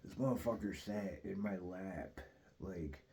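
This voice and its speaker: A man's voice: sits low, unhurried. A man telling a long story in a loose, rambling way, full of swearing and filler words like "dude" and "like.". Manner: profane, loose, peppered with "dude" and "like"; rambling and animated in retelling. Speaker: host.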